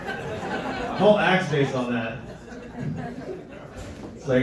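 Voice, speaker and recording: A young man performing a crude, rambling stand-up comedy set, jumping into loud high voices for the people he quotes. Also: expressive, slow, crowd noise. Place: live comedy club. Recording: echoey room, mic a bit distant.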